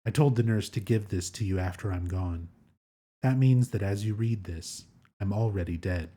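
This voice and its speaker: A dying young wife pours out a farewell letter in a soft, subdued way, as a man reads her part aloud. The voice sits low and mellow, with a husky edge.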